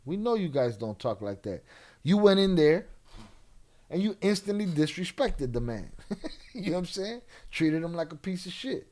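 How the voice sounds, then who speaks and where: A man's voice: high voice, sing-song, normal speed, warm tone. A man hosting a casual livestream, talking bluntly and skeptically with a lot of swearing. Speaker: livestream host.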